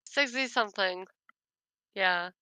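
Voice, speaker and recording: Woman chatting w her sis, lots of laughs and "like"s, smooth clear voice, dry sound. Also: medium pitch, slow pace, sharp tone, no echo. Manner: laughs often while telling a story; chatty, many fillers like "like". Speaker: storyteller chatting with her sister. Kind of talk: casual chat.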